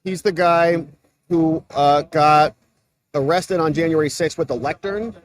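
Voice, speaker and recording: A man's voice: fairly high pitch, measured pace, a little hiss or hum. A man hosting a casual livestream from a convention booth, chatting while eating. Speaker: livestream host. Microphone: phone camera.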